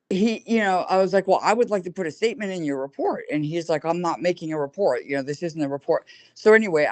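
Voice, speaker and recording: A woman on a video call telling a story in a casual way, acting out what other people said and speeding up in rushed bursts. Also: lowish voice. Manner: animated retelling, acting out quoted dialogue. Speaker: caller recounting her experience.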